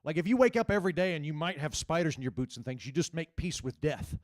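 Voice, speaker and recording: A stand-up comedian in his forties working a live crowd in a chatty, conversational style. He stumbles over his words and restarts often as he riffs with the audience. His voice is slightly high for a man and the sound is dry and close. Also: expressive, fast talker, no echo.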